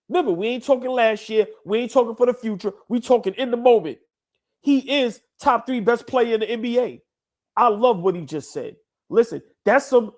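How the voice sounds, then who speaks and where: A man's voice: very high voice, a little fast, darkish tone. A man co-hosting a casual basketball talk show, emphatic and repetitive, his voice stuffy from congested sinuses. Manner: emphatic, repeats himself, calls sinuses bad. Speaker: co-host.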